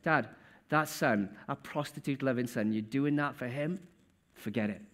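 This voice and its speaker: A man preaching a sermon acts out an angry, resentful grown son shouting at his father about his brother's return. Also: mid-range voice, moderate pace, pitched below the performer's own voice, close to an everyday voice. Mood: bitter. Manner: indignant, shouting.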